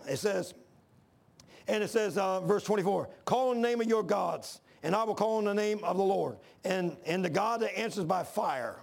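A male preacher delivers a fervent sermon in a high, gravelly voice. He reads scripture aloud, then climbs toward near shouts as he gets worked up, with rough fry at the ends of his lines. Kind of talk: fiery sermon.

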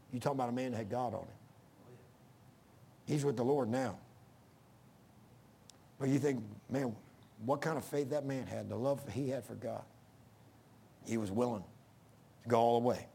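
A man's voice: mid-range voice, creaky, a little mellow, husky. A middle-aged man preaching a sermon in an earnest, folksy way that rises to emphatic bursts.

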